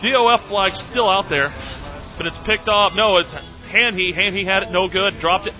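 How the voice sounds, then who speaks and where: A man giving excitable, jokey sportscaster-style play-by-play of a video game, laughing often. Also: high voice, moderate pace. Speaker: game commentator. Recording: muffled lo-fi recording with game music.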